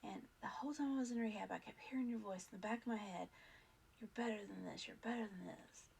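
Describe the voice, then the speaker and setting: A woman's voice: mid-range voice, fast talker, gravelly, darkish tone, a little hiss or hum. A woman vlog host telling a personal story in a casual, earnest, rambling way, full of fillers and restarts.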